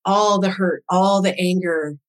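A woman's voice: fairly low pitch, fairly even intonation, unhurried. A woman guest on a podcast, a doula coach telling a personal story in an earnest, reflective and emotionally open way.

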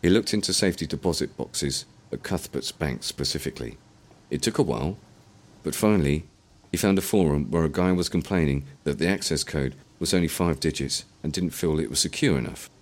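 A man narrating an audiobook in an expressive storytelling manner. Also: rumbling low, fairly quick.

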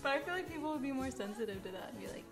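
A young woman in her twenties co-hosts a loose, casual podcast conversation and keeps giggling between lines. Her voice sits a little high. Music plays clearly behind her. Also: animated, racing. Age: 20s. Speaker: podcast co-host. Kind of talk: casual chat.

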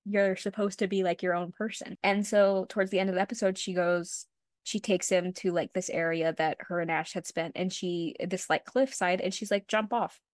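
A woman's voice: on the low side, flat delivery, normal speed, dry recording, studio quality. A young woman co-hosting a podcast, retelling a story in casual chat, full of "like" fillers and the odd swear word. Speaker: podcast co-host.

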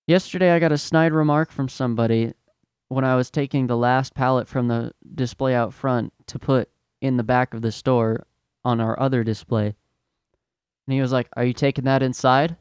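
A young man rants into a close mic, exasperated and profane. His voice is smooth and resonant. The sound is dry, with no room around it. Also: medium pitch, steady tone, moderate pace, a little mellow, dry recording. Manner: fed-up, profane, exasperated ranting. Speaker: podcast host, retail worker. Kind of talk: ranting podcast monologue.

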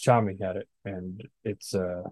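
A man's voice: deep voice, fairly even intonation, a little slow, darkish tone, dry recording. A man co-hosting a podcast, recapping a film in casual chat, blunt and profane. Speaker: podcast co-host. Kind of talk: casual movie discussion.

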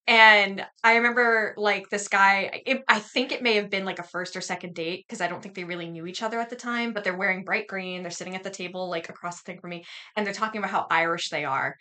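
A woman's voice: mid-range voice, quick pace, pushed and bright. A woman from Massachusetts co-hosting a podcast, telling stories in casual chat and swearing freely. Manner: chatty storyteller, swears freely. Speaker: podcast co-host.

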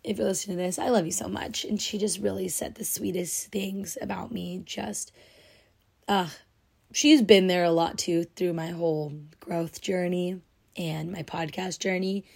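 The host of a solo podcast, a young woman, speaks at a moderate pace in a low, steady voice that's creaky, slightly mellow and a bit rough. Casual and gushing, she uses "like" heavily and sounds teary, on the edge of crying.

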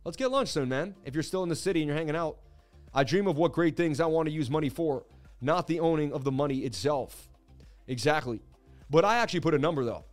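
A man around forty hosts a casual crypto livestream, chatty and hyped as he reacts to viewer messages. His voice sits a little high for a man. Soft music plays faintly behind him. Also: expressive, fast talker.

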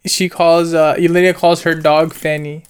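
A man's voice: on the high side, moderate pace, smooth. A young man chatting casually about a film, rambling and slangy as he retells scenes. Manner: rambling, animated slang-heavy storytelling. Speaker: co-host reviewing a film. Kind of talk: casual chat.

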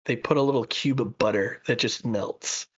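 A man's voice: medium pitch, moderate pace, breathy edge, dull audio. A man co-hosting a podcast, chatting casually and enthusiastically with lots of fillers and restarts. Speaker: podcast co-host.

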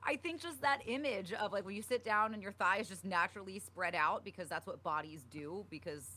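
A young woman co-hosts a podcast, chatting casually in a mid-range voice at a fairly quick pace over a noisy background. She fills her speech with lots of "like" and "um."

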